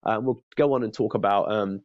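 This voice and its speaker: A man's voice: on the low side, a little fast, dry recording, highs cut off. A man as a sales trainer giving a casual, chatty lesson, often stumbling and repeating his words.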